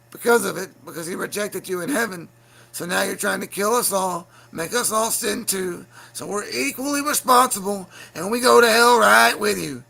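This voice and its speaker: A man hosting a livestream, delivering a heated, profane solo rant that keeps breaking into shouting. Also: high-pitched, vocal fry. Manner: angry, profane, bursts into shouting. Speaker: livestream show host.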